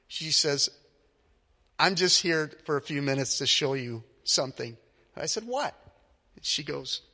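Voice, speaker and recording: A man preaching a sermon as pastor, telling stories with animated delivery and acting out the voices of the people in them. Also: on the high side, long reverb tail. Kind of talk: sermon with storytelling.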